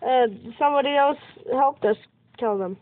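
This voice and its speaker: A woman's voice: high-pitched, moderate pace, no echo. A woman giving casual let's-play commentary over her gameplay, exclaiming and yelping at every surprise. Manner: excitable, exclaims and yelps at in-game surprises. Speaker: gamer recording gameplay commentary. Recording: tinny phone-like dry recording.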